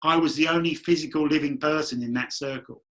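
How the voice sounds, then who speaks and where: Man, medium guest, chatty storyteller, bright raised voice. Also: fairly high pitch, steady tone, fairly quick. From London. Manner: chatty, rambling anecdotes with acted quotes. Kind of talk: candid storytelling interview.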